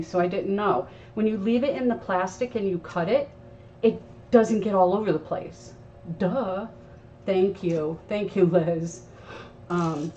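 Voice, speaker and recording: A woman's voice: medium pitch, darkish tone. Chatty woman teaching crafts, distant mic. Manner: chatty, instructive, talks to viewers while working. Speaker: craft show host. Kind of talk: live crafting tutorial. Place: craft table indoors. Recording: dull sound from off-mic with faint noise.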